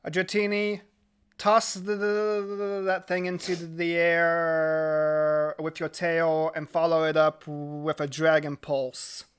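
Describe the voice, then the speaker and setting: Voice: medium pitch, level tone, takes it slowly, clear, resonant tone. A tabletop game player who talks hesitantly, with many fillers and restarts, and who is precise about the rules. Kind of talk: casual tabletop play.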